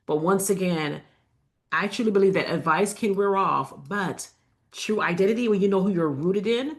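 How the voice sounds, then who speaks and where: A woman speaking as a faith-based life coach in a casual inspirational talk to the camera. She talks conversationally, with fillers and asides to her viewers, and repeats key lines slowly for emphasis. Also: medium pitch.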